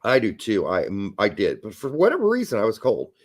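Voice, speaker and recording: A man co-hosting a casual podcast, ranting in a crude, animated way and swearing freely. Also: lowish voice, brisk. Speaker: podcast co-host.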